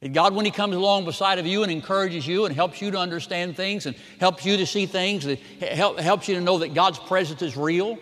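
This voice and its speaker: A male pastor delivers a sermon from a church sanctuary. His voice sits at an ordinary mid pitch. He pushes hard on key lines and then drops almost to a murmur. A long hall reverb follows every phrase. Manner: emphatic preaching, swinging between loud and soft.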